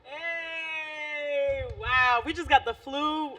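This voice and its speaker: A woman's voice: sits high, steady tone, drawn-out words, bright, forceful tone, far from the mic. A woman co-hosting a casual chat, loose and chatty, laughing often. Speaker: podcast co-host.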